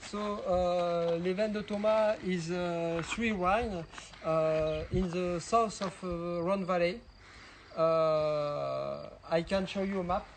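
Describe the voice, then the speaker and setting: A young man speaks English with a clear French accent, pausing often and filling gaps as he searches for words. His voice sits high and he talks slowly. Faint outdoor ambience surrounds him. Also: slight background noise, rough recording. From France. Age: young adult. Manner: halting, many filler sounds and restarts. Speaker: winemaker giving a vineyard tour. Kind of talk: casual guided talk. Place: outdoors in a vineyard.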